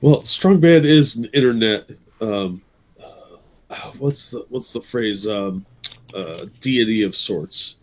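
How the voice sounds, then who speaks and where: A man in a casual group chat, wry and pausing to search for words. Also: on the low side, darkish tone.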